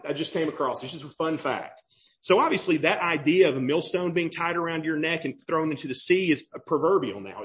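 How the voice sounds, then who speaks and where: A young adult pastor preaching a sermon in a conversational way, often checking in with "right?" and "okay?". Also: male voice, fairly high pitch, fairly bright tone.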